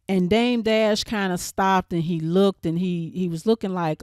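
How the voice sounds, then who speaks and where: A woman's voice: lowish voice, steady tone, unhurried, few pauses, darkish tone, smooth, no echo, studio quality. A woman hosting her channel, casually recapping a TV episode in a chatty, rambling way with lots of fillers and restarts. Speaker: show reviewer and channel host.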